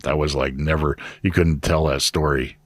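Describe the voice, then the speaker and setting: A man's voice: a bass voice, steady tone, normal speed, dry recording. A man co-hosting a podcast in casual chat, easygoing and a little hesitant, often giving short agreements. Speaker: podcast co-host.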